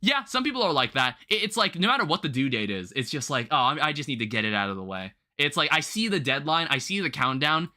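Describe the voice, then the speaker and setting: A young man hosting a livestream, chatting casually while gaming and telling rambling, animated stories with some swearing. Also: on the high side, fast, few pauses. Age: young adult. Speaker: livestream host.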